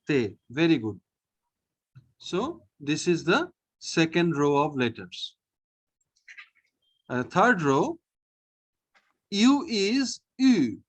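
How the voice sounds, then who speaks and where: A man teaching a French lesson online, slowly and patiently, repeating each sound and often checking in with "okay". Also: on the high side, sing-song.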